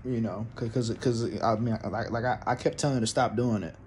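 A man's voice: medium pitch, fairly quick, darkish tone. A young man with a mid-range voice talks through a personal story in a loose, rambling way, swearing often and restarting his sentences. A faint hiss of noise sits behind him. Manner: profane, rambling, with frequent restarts and fillers. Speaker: vlogger telling a personal story. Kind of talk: casual storytelling monologue.

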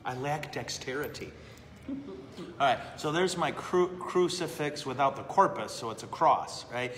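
A man's voice: mid-range voice, expressive, unhurried, fairly bright tone, a little hiss or hum. A man, a priest, chatting casually and answering questions live, self-deprecating and laughing often. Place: brewery. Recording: echoey room with long reverb.

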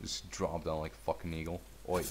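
A man's voice: sits low, level tone, fairly quick, noisy background. A man giving casual gameplay commentary, laid-back and mumbly, trash-talking and swearing at the game.

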